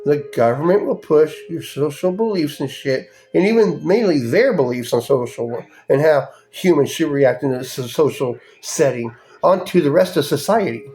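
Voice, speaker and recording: Over soft background music, a podcast host with a high-leaning, dark, expressive voice talks at normal speed with hardly any pauses. He launches into an angry, profanity-filled rant full of mocking voices.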